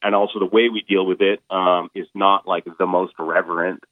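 Low-voiced man on a tinny phone line. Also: level tone, no echo. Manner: halting, lots of fillers and restarts. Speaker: stage performer interviewed as a guest. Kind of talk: casual interview over the phone.

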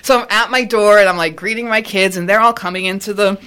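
A woman, a high school physics teacher, telling a personal story in a casual way, acting out the people she quotes. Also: quick pace, clean tone. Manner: animated, acts out quoted people with jumps in pitch.

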